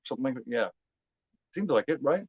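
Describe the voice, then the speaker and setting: A man's voice: mid-range voice, animated, fast talker, breathy edge, no room sound. Midwest american dude hosting a movie stream, keeps going man and bro, a bit muffled. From United States. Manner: rambling, repeats words, says man and bro a lot. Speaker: host of a movie watch-along stream. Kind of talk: casual chat with live chat.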